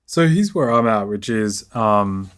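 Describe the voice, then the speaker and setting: Low-voiced probing male investor. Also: lively intonation, fairly bright tone. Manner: probing, curious questions, measured. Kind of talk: investor questioning and verdict.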